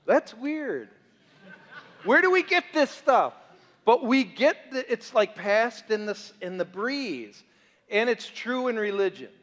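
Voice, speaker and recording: A man's voice: extremely high pitch, very animated, slow pace, fairly bright tone. A man preaching as a pastor, conversational and joking, full of rhetorical questions to the congregation. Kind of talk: sermon. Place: church sanctuary. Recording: reverberant church hall.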